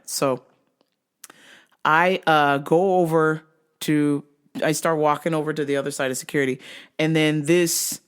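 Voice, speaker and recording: A podcast host telling a comic rant about a run-in with security, profane and exasperated, rising to yells. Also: medium pitch, steady tone, unhurried, pauses often, clear, resonant tone. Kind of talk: comedic storytelling rant.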